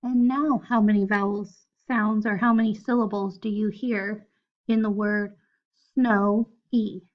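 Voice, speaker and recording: A woman's voice: medium pitch, fairly even intonation, a little slow, lo-fi sound. A woman teaching a phonics lesson to first graders, patiently spelling out letters one at a time. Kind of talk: recorded phonics lesson for children.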